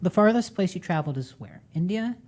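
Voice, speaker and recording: Low-voiced, teasing woman host. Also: expressive, darkish tone, slight background noise. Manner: playful, teasing, crude jokes, quick reactions. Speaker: podcast host. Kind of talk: casual interview chat.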